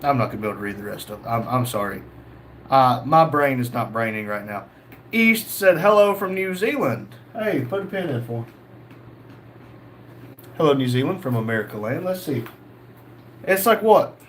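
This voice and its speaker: A man's voice: mid-range voice, expressive, moderate pace, pauses often, slight background noise. A young man hosting a casual livestream, reading chat messages aloud and joking.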